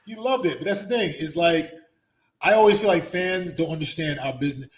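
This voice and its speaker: A man hosting a casual podcast chat, an animated storyteller who swears freely and laughs often. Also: a little high, fairly quick, roomy sound. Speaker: podcast host, former wrestler.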